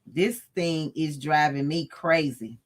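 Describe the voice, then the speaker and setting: A low-voiced woman talks slowly while hosting a casual sewing tutorial on livestream. She's chatty and laughs a lot as she addresses her live chat.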